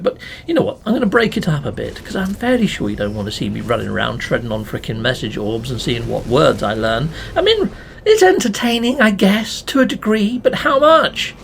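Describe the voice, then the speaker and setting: A playful man commenting on his game, high-pitched and bouncy with a lively melody. His voice is gravelly and a touch husky, and he chats away to his viewers with mild swearing. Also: brisk, few pauses, a little hiss or hum. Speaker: let's play gamer.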